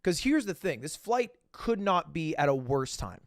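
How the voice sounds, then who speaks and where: A young man livestreaming, casually telling a story to his chat, swinging between loud bursts and low asides and acting out the dialogue. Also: big pitch swings, normal speed, dry recording, clean studio sound. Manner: acts out quoted dialogue.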